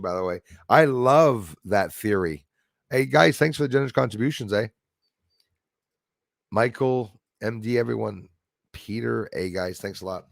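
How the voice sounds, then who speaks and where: A man's voice: lowish voice, gravelly, dry recording, studio quality. A man hosting a live stream, chatting casually, laughing easily and thanking viewers by name. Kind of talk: casual chat reading viewer comments.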